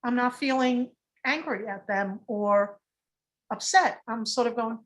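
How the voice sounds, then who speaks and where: A woman's voice: a little high, unhurried. A woman teaching meditation in a casual online workshop, talking in a chatty, rambling way with many restarts, over a video call.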